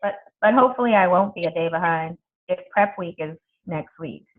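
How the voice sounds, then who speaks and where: A woman's voice: on the low side, moderate pace. A woman coaching her team on a video call, chatty and blunt, swearing freely. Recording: tinny phone-like video call audio.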